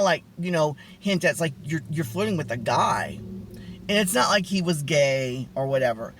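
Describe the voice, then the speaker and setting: Animated higher-voiced man telling a story. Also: slightly rough. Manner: animated, many fillers and restarts. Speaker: vlogger. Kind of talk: casual storytelling to camera.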